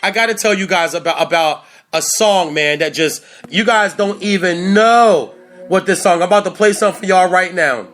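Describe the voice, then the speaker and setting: A man in his forties hosting a sports talk show from a studio, hyped and animated, hoarse from laryngitis. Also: high voice, normal speed. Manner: hyped, animated, laughing, sings along. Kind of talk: casual livestream chat. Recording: music playing loudly behind. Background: music playing.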